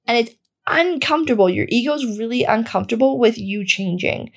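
Gravelly, casual woman podcast host. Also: a little high, animated, fairly quick. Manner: casual and candid, swears freely, heavy use of "like". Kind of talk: self-help podcast monologue.

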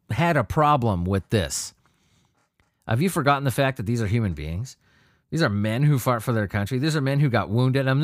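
A man's voice: mid-range voice, no echo, clean studio sound. A man hosting a solo show, reading news stories and ranting about them with constant swearing and stumbling restarts. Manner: profane, animated ranting with frequent restarts. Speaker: podcast host reading news. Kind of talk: solo commentary on news articles.

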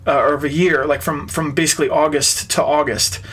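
A man's voice: a little high, level tone, fairly quick, fairly bright tone, husky. A man, an interview guest, earnestly recounting a personal story in conversation. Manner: earnest, retells events with quoted dialogue.

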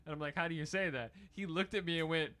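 A man's voice: a little high, fast talker, bright, forceful tone, clear, resonant tone. A young man in casual chat, joking around in a goofy way and laughing often.

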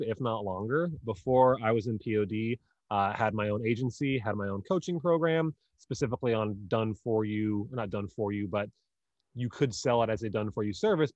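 A man co-hosting a business podcast, a relaxed coach telling client stories in casual chat. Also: fairly low pitch, no room sound, dull audio.

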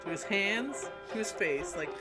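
A woman's voice: medium pitch, animated, unhurried, over loud music. A woman co-hosting a casual film podcast. She is enthusiastic and giggly, and she acts out the scenes she talks about. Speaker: podcast co-host. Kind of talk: casual film review chat.

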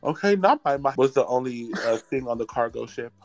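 A woman's voice: very deep voice, expressive, brisk, darkish tone, soft background music. A young woman co-hosting a podcast, chatting casually with crude, laughing banter. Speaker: podcast co-host. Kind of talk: casual chat.

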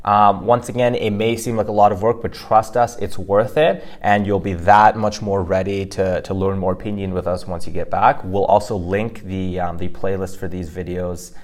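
A man's voice: low-pitched, little pitch movement, moderate pace, hardly any pauses. A man co-hosting a language-learning podcast, explaining Mandarin pronunciation casually with frequent fillers. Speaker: podcast co-host teaching Mandarin.

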